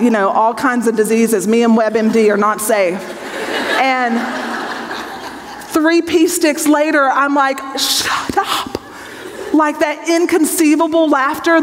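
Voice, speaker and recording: Woman Bible teacher, forties, fairly high voice, candid testimony sermon, long hall reverb. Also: steady tone, measured pace. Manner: earnest and conversational, checks in with the audience. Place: large hall with an audience.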